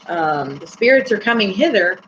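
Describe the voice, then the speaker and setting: Hosting a casual tarot reading on a live stream, a woman speaks at normal speed in an expressive, mid-range voice. She's chatty and giggly, with many fillers. The recording is slightly dull and carries a faint hum.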